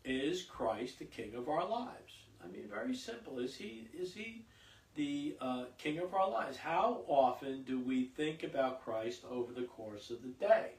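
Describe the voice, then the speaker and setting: Slow-speaking priest in an echoey church. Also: male voice, medium pitch, lively intonation, darkish tone, recorded from a distance. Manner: slow, halting delivery with fillers and repeats. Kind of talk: Mass readings and homily.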